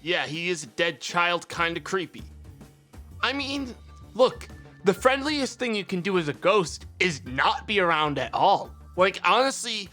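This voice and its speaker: High bright-voiced ranting streamer man. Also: lively intonation, a little slow, soft background music. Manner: ranting, profane, heated. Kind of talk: casual livestream chat.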